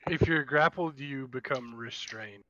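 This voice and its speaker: A man at a tabletop game helpfully explains how the rules work. His voice is bright at a middle pitch. The sound is a little muffled. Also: a little slow. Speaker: player.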